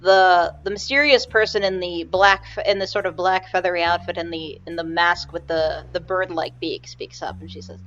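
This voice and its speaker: A woman's voice: on the low side, fairly even intonation, moderate pace, few pauses, fairly bright tone, lo-fi sound, slight background noise. A woman narrating a tabletop game as game master, rambling and hesitant with many fillers.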